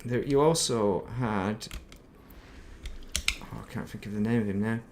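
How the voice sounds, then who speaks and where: A man's voice: lowish voice, unhurried, a little mellow, slight background noise. A middle-aged man chatting casually while streaming a game, rambling and reminiscing and muttering to himself. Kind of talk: casual gaming stream chat.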